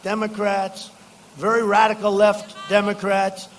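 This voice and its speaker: A man speaking at a political rally, off the cuff and repetitive, jumping between shouted lines and quiet asides. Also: high-pitched, monotone, measured pace, slight background noise.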